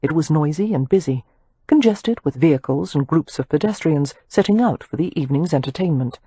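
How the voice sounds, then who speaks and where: A woman narrating an audiobook in an expressive storytelling manner. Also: low-pitched, fairly quick, breathy edge, no room sound.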